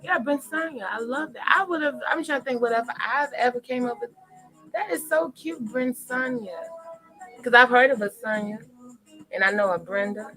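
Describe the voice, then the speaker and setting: A woman's voice: fairly high pitch, normal speed, faint music behind, rough recording. Chatty woman hosting a tarot stream. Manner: laughs often, animated and chatty. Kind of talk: casual live-stream chat.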